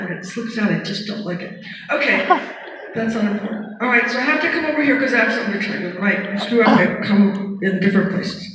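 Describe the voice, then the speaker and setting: On a large theater stage before a live audience, a woman with a voice on the high side tells comedic stories, chatty and self-mocking, swearing casually. An audience camera far from the stage captures distant, echoey sound with laughter and hall noise.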